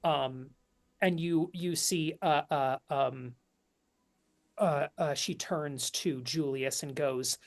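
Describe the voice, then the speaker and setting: Brief: low-voiced woman game master, halting, unhurried tabletop narration.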